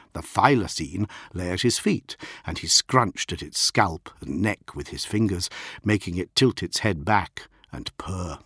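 A man reading a science fiction audiobook in a measured, dramatic way. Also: low-pitched, fairly bright tone, husky, no room sound, clean studio sound. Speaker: audiobook narrator. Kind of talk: scripted narration of science fiction.

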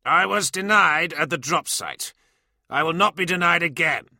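A snarling warrior commander, as a man acts him out, his voice rising sharply and clipped with barely held fury. The tone is bright and gravelly, recorded dry for an audiobook. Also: mid-range voice, huge pitch swings, moderate pace, dry recording, voice pushed up, full character voice. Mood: angry. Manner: snarling, barely restrained rage. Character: volatile, murderous male warrior commander.

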